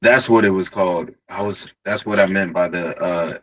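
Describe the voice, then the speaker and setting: A casual, eager man asks a coach follow-up questions and laughs easily as he goes. His voice sits very low and carries a husky, breathy edge. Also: normal speed, rough recording. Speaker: community member asking questions. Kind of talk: casual Q&A chat.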